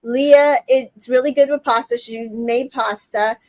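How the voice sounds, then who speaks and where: A woman with a high voice chats through a reality show recap. She quotes the cast in quick little voices, and the sound is dry and close to the mic. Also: steady tone, darkish tone, no echo. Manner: retells scenes quoting the cast in quick voices, many fillers. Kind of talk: casual recap chat.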